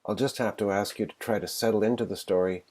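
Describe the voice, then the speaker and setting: A man with a Canadian accent introducing and reading his own flash fiction story in a plain, steady storytelling way. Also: lowish voice, fast.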